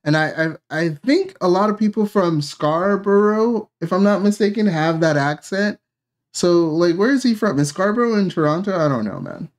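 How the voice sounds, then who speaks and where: A man's voice: high voice, expressive, moderate pace. A middle-aged man streaming a live reaction, chatting casually with rambling asides and playful interjections.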